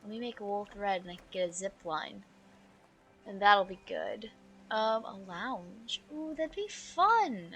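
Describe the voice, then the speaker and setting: Chatty bright-voiced woman streamer. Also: medium pitch, lively intonation, a little slow, slight background noise. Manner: chatty, thinks aloud, jokey. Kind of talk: casual gameplay commentary.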